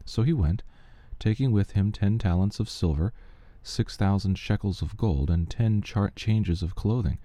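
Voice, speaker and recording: Deep, dark-voiced man reading scripture. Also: no room sound. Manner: measured, steady reading pace.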